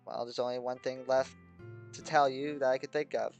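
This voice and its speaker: A man voicing an exhausted, despairing teenage girl who talks quietly and haltingly, apologizing as she goes. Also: medium pitch, flat delivery, muffled recording, soft background music, natural voice. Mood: resigned.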